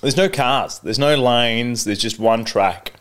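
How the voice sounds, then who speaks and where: A man co-hosting a podcast, chatting casually with many halting fillers. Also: medium pitch, a bit bright, clear, resonant tone. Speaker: podcast co-host. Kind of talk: casual chat.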